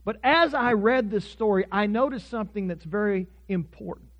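A man's voice: sits high, normal speed, a bit bright. A man from Oklahoma who is a pastor, preaching a sermon earnestly, telling stories and leading prayer, in a dull lo-fi recording.

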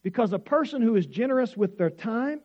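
Male pastor, high voice, animated storytelling sermon, muffled lo-fi sound. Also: brisk. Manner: animated, rising to excited shouts in the story.

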